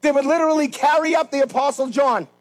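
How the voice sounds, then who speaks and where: A man preaching a sermon as pastor, swinging between loud, fervent rises and quiet, slow pleas. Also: very high-pitched, low-quality recording.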